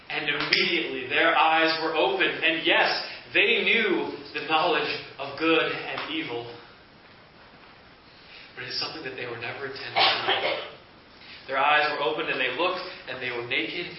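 A man narrates a Bible story with earnest drama, stopping and restarting as he goes. His voice sits slightly high. The recording is distant and dull, with heavy echo and a hiss.

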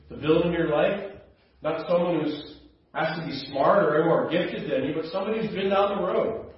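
A man delivers an earnest sermon as a pastor, easing into quiet low asides before pressing forward with raised emphasis. His voice carries a heavy room echo and sounds picked up from some distance. The sound is slightly dull.

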